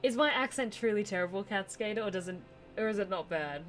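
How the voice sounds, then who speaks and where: A woman streaming a game, chatting casually and excitably with her viewers and muttering as she sorts through items. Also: medium pitch, a little fast, soft background music. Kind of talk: casual let's-play commentary.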